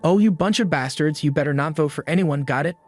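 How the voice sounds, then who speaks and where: A man's voice: fairly high pitch, fast, faint music behind, close to an everyday voice. Man doing a sneering murderous gang boss. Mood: menacing. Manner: menacing, sneering threats. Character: violent arrogant male gang leader, threatening.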